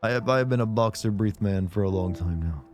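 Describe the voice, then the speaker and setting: A man streaming a game, chatting casually and joking, his voice hoarse from being sick. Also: fairly low pitch. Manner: joking, chatty, quick laughs. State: hoarse from illness.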